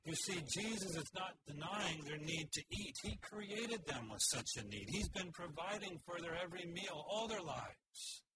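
A man's voice: fairly high pitch, animated, a little slow, hardly any pauses. Earnest male preacher over hiss. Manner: earnest, expository. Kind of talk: sermon. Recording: hissy recording.

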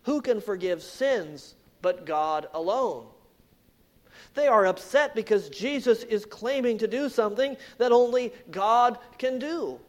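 High-pitched guy preaching slow, goes quiet then builds up loud. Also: animated. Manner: swings from hushed low phrases to loud emphatic rises. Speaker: pastor. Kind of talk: sermon.

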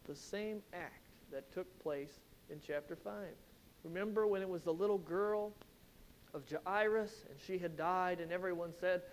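A man's voice: high voice, unhurried, slight background noise. A man preaching an expository sermon, retelling a Bible passage with emphatic storytelling and rhetorical questions.

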